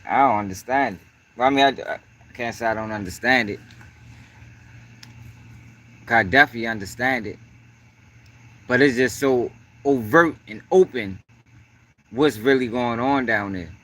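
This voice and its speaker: A man's voice: medium pitch, normal speed, long pauses, fairly bright tone. A man hosting a livestream, talking casually and profanely, dropping "yo" constantly and breaking off to greet people in the chat. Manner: profane, peppers talk with "yo"; greets chat between points. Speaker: livestream host.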